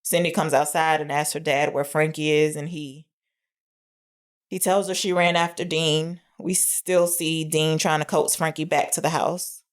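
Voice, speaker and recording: Female podcast co-host, low voice, casual film recap, earnest. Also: steady tone, unhurried.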